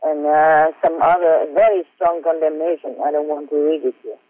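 A man reading aloud from his personal diary notes as a spiritual teacher, earnest and halting, with many fillers and small self-mocking laughs. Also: on the high side, fairly even intonation, no echo. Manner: earnest, heartfelt. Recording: tinny phone-like audio.

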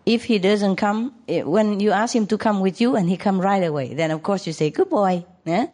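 A woman's voice: medium pitch, fairly quick, darkish tone. Chatty woman with broken English. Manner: keeps checking with tag questions; laughs often while talking. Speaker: dog owner. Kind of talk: casual chat.

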